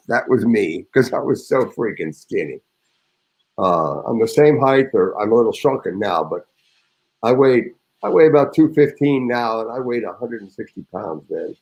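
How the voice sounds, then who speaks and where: A man's voice: fairly low pitch, animated, moderate pace, a little mellow, poor audio. A man around seventy, an actor and guest, reading a memoir anecdote and chatting in a raucous, theatrical way.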